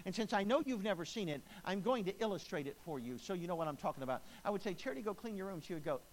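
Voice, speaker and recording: A middle-aged male pastor preaching a sermon, swinging between booming emphasis and hushed, low delivery. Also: quick pace, slight background noise, poor audio.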